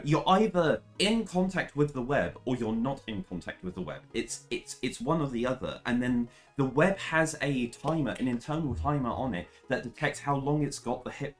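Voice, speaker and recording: A young woman speedrunning a game, commentating live, swearing freely and ranting in frustration before rushing into technical explanations. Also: a bass voice. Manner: swears a lot, rants in frustration, then explains in a rush.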